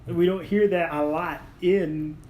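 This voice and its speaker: A man's voice: fairly high pitch, fairly even intonation, a little slow, reverberant, muffled recording. A man in his twenties co-hosting a podcast in casual chat, mostly giving short agreeing replies and laughing easily. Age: 20s. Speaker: podcast co-host.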